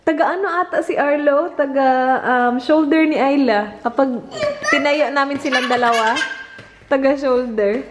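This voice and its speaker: Brief: Filipino-accented mom, thirties, high bright voice, sing-song baby talk, phone-recorded, faint hum behind. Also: female voice, moderate pace. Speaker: vlogger, mother of two small children. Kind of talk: casual family vlog, mixing Tagalog and English. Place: home, then a car.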